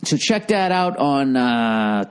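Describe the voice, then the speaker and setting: A man's voice: mid-range voice, big pitch swings, slow pace, clear, resonant tone. Profane ranting middle-aged man. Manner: profane, sarcastic, mocks people in put-on voices. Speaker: comedian podcast host. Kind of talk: rambling comedic rant.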